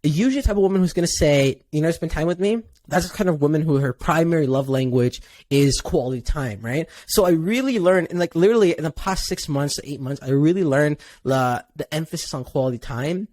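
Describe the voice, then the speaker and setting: A quick-talking man with a somewhat high voice hosts a podcast, speaking earnestly to listeners. The sound is dry and close. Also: a little mellow, no room sound. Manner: earnest, direct advice to listeners. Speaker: podcast host. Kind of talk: casual podcast interview.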